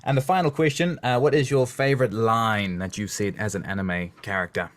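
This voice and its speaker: A New Zealand man hosts an interview podcast, chatting casually in an enthusiastic, effusive manner. His voice sits on the low side, and he talks briskly.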